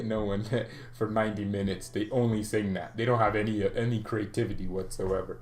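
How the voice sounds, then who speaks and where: A man with a slightly low voice hosts a fan stream and rants casually about football transfers. He jokes, laughs often, and fires back at viewer comments. The sound is roomy and echoey. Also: measured pace. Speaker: football fan channel host.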